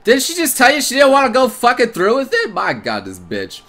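A man streaming a visual novel, reading the narration aloud and reacting excitedly with crude jokes and laughter. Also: extremely high pitch, fairly quick. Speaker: game streamer.

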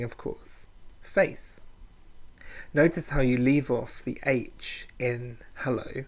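A man hosting a playful slang language lesson as a podcast, with a camp, sing-song and cheeky delivery. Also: mid-range voice. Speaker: language teacher, podcast host.

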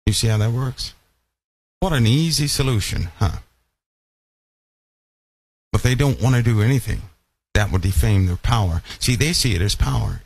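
A man preaching a Bible-study sermon who keeps asking his listeners questions and slows down to stress key lines. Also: mid-range voice. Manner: emphatic, asks the audience questions often.

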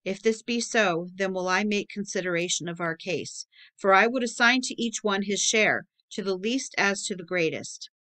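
A woman's voice: medium pitch, moderate pace, pushed and bright, lightly acted. A woman reading the lines of a pious, mournful medieval knight who prays and laments in archaic speech. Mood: solemn.

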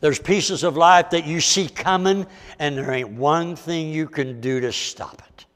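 An older man delivers a fervent, folksy sermon, pleading with his congregation. His voice sits fairly high for a man. The long reverb of a church sanctuary trails after every phrase. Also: a little slow, a bit bright. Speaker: guest evangelist preacher.

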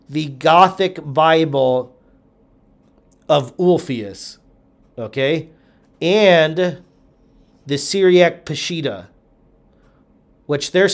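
A man teaching a Bible-history lesson, talking through charts and thinking aloud with frequent ums, restarts and check-ins. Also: fairly high pitch. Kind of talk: lecture walking through charts.

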